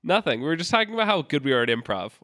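A man with a smooth, clear voice who talks in short, laid-back remarks. He banters easily in casual podcast chat. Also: on the high side, very animated, very fast, bright, forceful tone, no room sound, studio quality. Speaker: podcast co-host.

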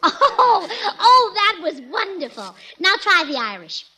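A woman's voice: very high voice, very animated, unhurried, over a noisy crowd, full character voice. A woman playing a cheerful, scatterbrained young wife in 1940s radio comedy, giggly and earnestly illogical. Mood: bubbly. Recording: old 1940s radio broadcast.

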